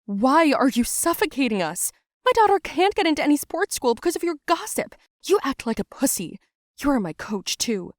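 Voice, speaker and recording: A woman doing a furious, shouting strong mom. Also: mid-range voice, animated, a little slow, hardly any pauses, dry recording, clean studio sound. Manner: shouting, confrontational. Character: loud angry muscular mother.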